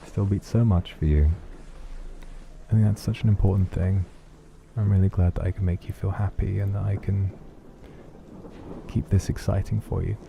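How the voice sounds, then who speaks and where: A man streaming, chatting softly and affectionately as he reads viewer donations. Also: sits low, fairly even intonation, moderate pace, vocal fry, pauses often, dull audio, slight background noise. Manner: soft, affectionate, musing. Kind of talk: casual chat reading donations.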